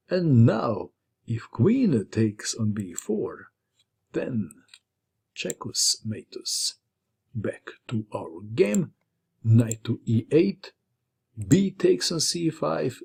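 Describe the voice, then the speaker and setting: A man's voice: mid-range voice, creaky, slightly rough. A man narrating a chess game move by move, with playful asides, as host of a chess lesson channel. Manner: lively, playful move-by-move commentary.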